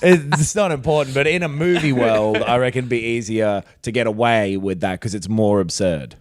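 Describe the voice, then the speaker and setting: A man co-hosting a podcast, making crude deadpan jokes and swearing. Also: medium pitch, normal speed, dry recording, clean studio sound. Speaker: podcast co-host. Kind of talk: casual podcast banter.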